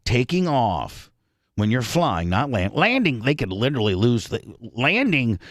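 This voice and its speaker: A man's voice: medium pitch, unhurried, no room sound, studio quality. Rambling man spinning a crude story. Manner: rambling, animated, crude slang. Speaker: radio show host. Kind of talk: casual storytelling on talk radio.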